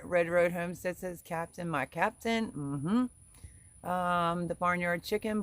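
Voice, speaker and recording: Speaking slowly in a fairly low voice on a dry recording, a middle-aged woman reads chat during a casual livestream. She's chatty and giggles as she calls out viewers' names.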